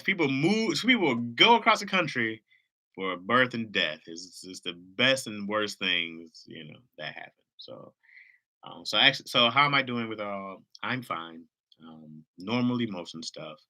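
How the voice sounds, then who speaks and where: Young adult man, livestream host: very bright tone, casual rambling, sniffly and teary, swears freely. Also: fairly low pitch. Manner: laid-back, rambling, cusses freely.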